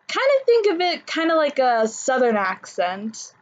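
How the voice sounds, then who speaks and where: A woman's voice: high-pitched, very animated, measured pace, hardly any pauses, lo-fi sound. A woman talking casually in a vlog, chatty and full of fillers and restarts. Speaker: anime vlogger.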